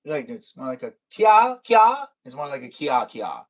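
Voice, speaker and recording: A man's voice: mid-range voice, brisk, breathy edge. A young man live-streaming a racing game, chatting casually and playfully with viewers and slipping into silly sing-song noises.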